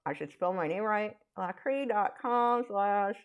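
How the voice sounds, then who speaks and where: A woman's voice: medium pitch, expressive, unhurried, smooth. A woman chatting casually while teaching a live drawing stream, frank and talkative, with frequent fillers and restarts. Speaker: art instructor streaming live.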